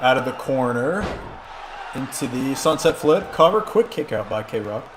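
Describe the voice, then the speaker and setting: A man's voice: medium pitch, measured pace, background noise. A man commentating a wrestling video game on a live stream, rambling and joking through the play-by-play. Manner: rambling, jokey, excitable play-by-play.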